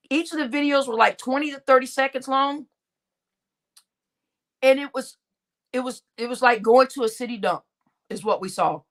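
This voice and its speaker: Laughing frequently, this high-pitched woman hosts a livestream, talking casually with her co-host and viewers, whom she addresses as y'all.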